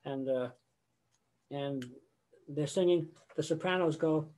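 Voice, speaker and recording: An older man lecturing on choral conducting over a video call, his voice sitting a little high for a man. He talks in a loose, conversational way and now and then sings short phrases to show how they should sound. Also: slow, darkish tone. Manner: conversational, sings example phrases mid-explanation.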